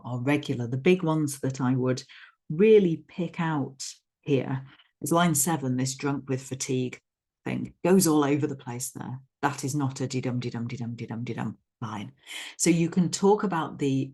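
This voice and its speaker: In a rumbling low, husky voice with a warm tone, a woman teacher walks through a poem for an English literature lesson. Her explanation is loose and thought out aloud, and now and then she chants the stress patterns to demonstrate the rhythm.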